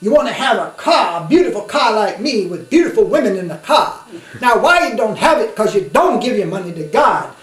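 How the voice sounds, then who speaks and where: A man voicing a flashy, greedy male preacher who booms and pitches hard for donations. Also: very animated, fairly quick, hardly any pauses, fairly bright tone, distant mic. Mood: boastful. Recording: roomy with faint hum.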